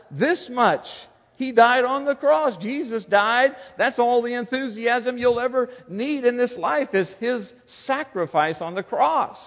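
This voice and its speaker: Male pastor, higher voice, earnest emphatic preaching; church hall reverb. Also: lo-fi sound. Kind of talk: sermon.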